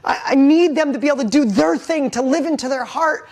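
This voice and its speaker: A man's voice: very high-pitched, brisk, a little mellow. Middle-aged guy telling his life story on stage-ish, super heartfelt, blunt, cusses a bit. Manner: intense, heartfelt, blunt with casual swearing. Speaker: business owner giving a motivational talk. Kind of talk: emotional personal storytelling.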